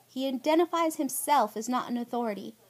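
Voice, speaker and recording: A woman's voice: sits high, fairly quick. A middle-aged woman, giving an emphatic, aggrieved spoken statement to her viewers. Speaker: vlogger.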